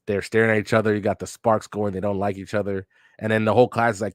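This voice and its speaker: A young man with a fairly low voice reacts to a manga as he reads it aloud. His commentary is loose, joking and full of cussing. It is recorded dry and close, with no room sound. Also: level tone, fast talker, dry recording. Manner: joking and profane, with sudden loud laughing outbursts. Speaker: podcast host reading a manga on air.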